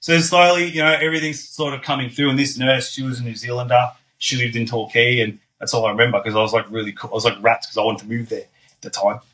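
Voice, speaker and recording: A man's voice: medium pitch, level tone, fast talker, bright, forceful tone, rough recording. A young man telling his story as a podcast guest in a casual, blunt way, swearing freely and dropping plenty of ums and likes.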